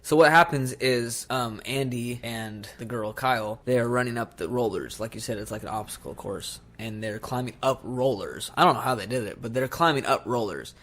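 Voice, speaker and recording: A man's voice: mid-range voice, moderate pace, few pauses. A young man co-hosting a podcast, retelling film scenes in a casual chat and acting out the lines. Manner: animated retelling with acted-out quotes. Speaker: podcast co-host.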